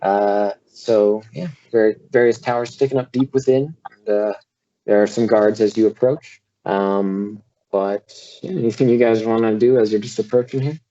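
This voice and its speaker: A man's voice: fairly low pitch, steady tone, moderate pace, warm tone. A young man narrating a tabletop game as game master in a loose, filler-heavy way, heard through a dull lo-fi recording.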